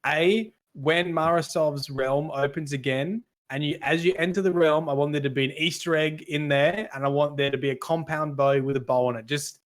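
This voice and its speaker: An Australian man chats loosely on a gaming podcast, trailing off and restarting his sentences. His voice sits a little higher than most men's. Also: steady tone, normal speed, hardly any pauses. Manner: rambling, many restarts and fillers. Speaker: podcast co-host. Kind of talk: casual gaming podcast chat.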